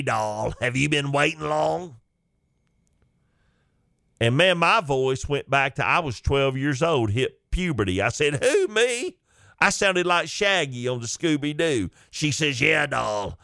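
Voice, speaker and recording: A man's voice: mid-range voice, a bit bright, dry recording, studio quality. A man, a comedian telling a funny story in a folksy, chatty way. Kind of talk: comic storytelling.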